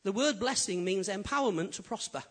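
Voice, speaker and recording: A man preaching a sermon as pastor, swinging from loud, emphatic build-ups to quiet, intimate asides. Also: sits high, a little fast. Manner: animated preaching, rising loud then dropping quiet.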